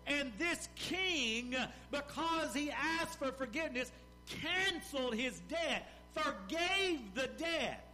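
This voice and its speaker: Bright-voiced preacher. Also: male voice, very high voice, faint music behind. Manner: animated preaching with pauses and rises. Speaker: pastor. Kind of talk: sermon.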